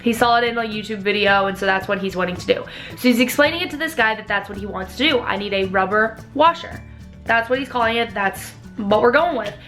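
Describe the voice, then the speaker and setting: A woman's voice: a little high, fast, hardly any pauses, a bit bright, faint music behind. A young woman in her twenties telling a story in a casual vlog, chatty and often laughing. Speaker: vlogger.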